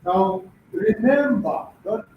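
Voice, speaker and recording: A man's voice: high-pitched, lively intonation, slow pace, slight background noise. Man lecturing a class. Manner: quizzes the class with questions. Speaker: language teacher. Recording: dull echoey room from far off.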